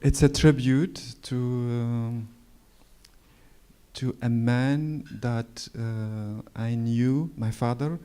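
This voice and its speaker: A man in his forties from Morocco with a Moroccan French accent, speaking in a halting, hesitant way and reading his own prose at a library event. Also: medium pitch, steady tone, mellow, smooth. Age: 40s. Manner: hesitant, halting, frequent fillers. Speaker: author. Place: public library event hall.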